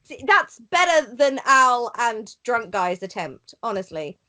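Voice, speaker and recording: Woman, slightly high-pitched, chatty, mischievous, casual podcast banter. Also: very animated, measured pace, sharp tone. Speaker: podcast co-host.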